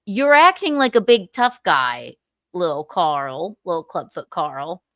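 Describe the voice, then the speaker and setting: A woman's voice: fairly low pitch, measured pace, no room sound. Laughing, mocking woman host. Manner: animated, swearing, mocking, laughing often. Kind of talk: casual gossip commentary on a livestream.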